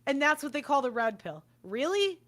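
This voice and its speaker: A young woman with a high, bright voice rants into the mic as a podcast host. She swears freely and circles back to the same points again and again. Her delivery is heated and blunt. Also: very animated, moderate pace. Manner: swearing, ranting, repeats herself. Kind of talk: angry monologue.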